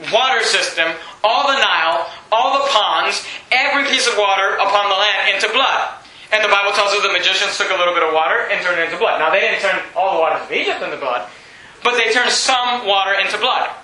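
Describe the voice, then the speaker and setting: A high, very bright male voice preaching to his congregation in a roomy, echoing sanctuary. He tells the story in a lively way, laughing and acting out the characters' lines. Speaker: pastor. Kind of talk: sermon.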